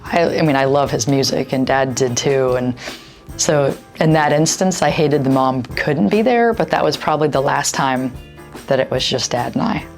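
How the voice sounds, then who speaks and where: Daughter interviewee, woman, very low voice, reminiscing, faint music bed. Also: moderate pace. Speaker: daughter sharing memories. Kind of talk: interview storytelling.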